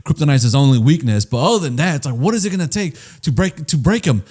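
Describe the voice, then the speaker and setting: A man's voice: a little high, lively intonation, fast talker, darkish tone, breathy edge. A young man co-hosting a casual podcast, talking bluntly with lots of swearing and emphasis. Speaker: podcast co-host.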